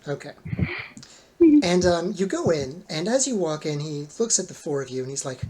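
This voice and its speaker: Relaxed game master narrating. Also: mid-range voice, moderate pace, very noisy. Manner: relaxed, filler-heavy narration.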